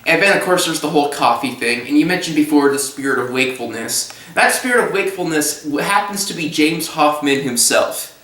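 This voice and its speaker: Young guy, casual halting storyteller, bright voice, caught at a distance in an echoey room. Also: fairly high pitch, expressive. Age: young adult. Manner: halting, restarts, breaks into silly voices and laughs. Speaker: storyteller recounting a trip. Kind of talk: casual rambling monologue.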